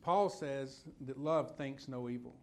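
A man's voice: medium pitch, unhurried, a little mellow, a little hiss or hum. A man preaching a sermon in a folksy, conversational way, telling personal stories and putting questions to his listeners.

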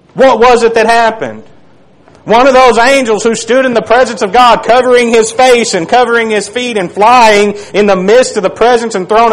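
A man preaching a sermon, reading scripture aloud and dropping to a hush on key phrases. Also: high-pitched, poor audio.

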